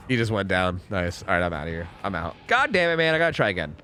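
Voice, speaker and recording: A young man streaming a video game, rambling and swearing, swinging between groans and excited outbursts. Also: sits low, fast, faint music behind. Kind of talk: live gameplay commentary.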